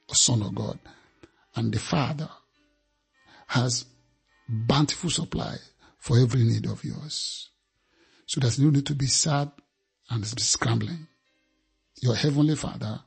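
A man's voice: mid-range voice, creaky, slightly rough. A man preaching a sermon, emphatic and repeating phrases for effect.

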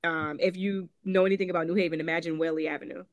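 A woman's voice: lowish voice, fairly even intonation, quick pace, dry recording, lo-fi sound. Candid storytelling woman with a Connecticut accent. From Connecticut, USA. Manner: candid, conversational, frequent "um" and "like", acts out quoted voices. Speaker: guest author. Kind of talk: personal storytelling in interview.

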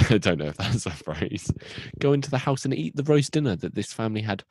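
A young podcast co-host from the United Kingdom gives a goofy, rambling comic recap of an episode, interrupting himself and acting out characters in silly voices. His low voice is sing-song and a little mellow, swooping across a big range at a slightly fast pace, with a dry, close sound and no room sound.

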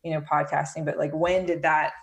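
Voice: mid-range voice, flat delivery, a little fast, creaky. A podcast host in casual conversation, asking friendly, rambling questions and agreeing often. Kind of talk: casual interview talk.

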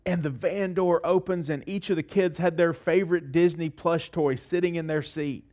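A middle-aged man preaching a sermon as pastor, animated and acting out the voices in his stories. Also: a little high, normal speed, lo-fi sound.

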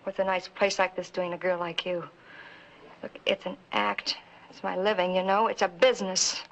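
A woman's voice: fairly low pitch, flat delivery, moderate pace, a bit bright, poor audio. An actress in her thirties playing a volatile burlesque stripper in a 1960s film drama, defensive and cutting. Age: 30s. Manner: defensive, turning bitter and cutting.

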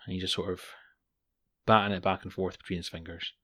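A man co-hosting a podcast, spinning jokes with a dry, wry delivery. His voice is very deep yet has a bright, forward edge. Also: flat delivery, fast talker. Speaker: podcast co-host. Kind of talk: casual podcast chat, telling jokes.

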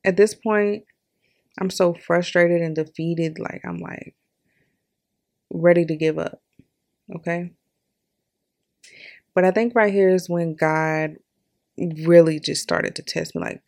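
A young woman hosting a podcast, telling a personal story in a candid, animated way with lots of laughs and filler words. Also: fairly low pitch, slow pace, gravelly, pauses often. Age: young adult. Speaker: podcast host.

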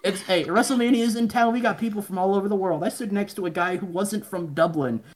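A man's voice: high voice, fast talker, a little hiss or hum. A man, a podcast guest, telling rambling stories in casual chat, swearing often and mumbling the voices of people he quotes.

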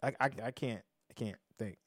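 A man hosting a podcast, talking sports casually, animated, swinging between loud and soft and often restarting his sentences. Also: mid-range voice, normal speed, dry recording, clean studio sound. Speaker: podcast host.

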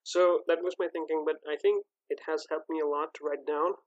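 A man's voice: a little high, fairly even intonation, a little fast, dull audio. A man hosting his own movie podcast, talking casually with lots of fillers and restarts. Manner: rambling, hesitant, many fillers and restarts. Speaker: podcast host. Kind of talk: casual solo podcast talk.

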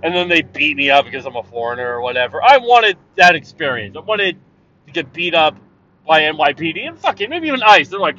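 Loud, lively Canadian man ranting in a car. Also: fairly high pitch, brisk. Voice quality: loud, profane, rambling. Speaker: vlogger. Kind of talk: rambling casual monologue. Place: driving in a car. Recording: dull lo-fi sound, car noise.

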